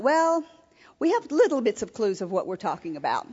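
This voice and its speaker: Very animated and brisk, a woman minister's voice runs on the high side, a little mellow with a breathy edge. She gives an earnest sermon at a marriage seminar, restarting often, captured in a lo-fi recording in a reverberant hall.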